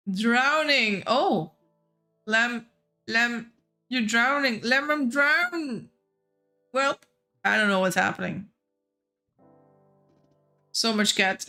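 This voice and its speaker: Woman, game streamer, casual playful chat, bright tone, unhurried pace. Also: fairly high pitch. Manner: chatty, playful, talks to players and chat.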